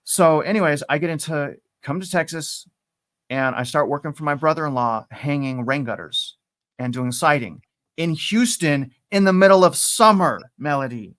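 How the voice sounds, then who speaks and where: A middle-aged man telling his story as a podcast guest, animated and repeating himself, jumping up in pitch when he acts out quotes. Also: moderate pace, no room sound. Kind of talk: casual interview storytelling.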